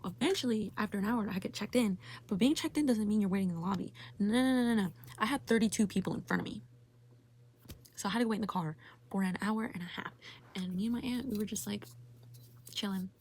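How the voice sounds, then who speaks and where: A woman's voice: medium pitch, fast, darkish tone, husky. A young woman telling a frustrated story in a casual vlog rant, full of "like" and swearing. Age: young adult. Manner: exasperated, heavy use of "like", swearing. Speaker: vlogger.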